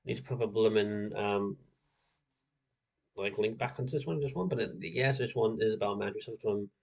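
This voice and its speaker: A man's voice: fairly low pitch, fairly quick, creaky, highs cut off. A nineteen-year-old man, chatting casually as a streamer, rambling and full of "like". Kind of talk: casual chat.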